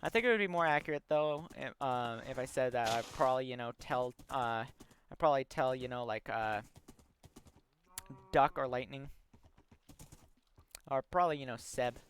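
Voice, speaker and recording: A young male gaming livestreamer chats casually, rambling through long stories packed with ums and likes. His mid-range voice is a bit bright, clear and resonant, moving at a moderate pace with frequent pauses.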